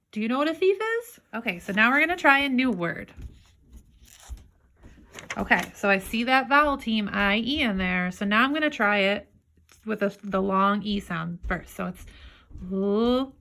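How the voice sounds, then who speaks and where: Woman, phonics teacher for young kids, patient and encouraging, mid-pitched with a bright edge. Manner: patient, sounding out words slowly. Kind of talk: remote phonics lesson for young children. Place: home, downstairs room.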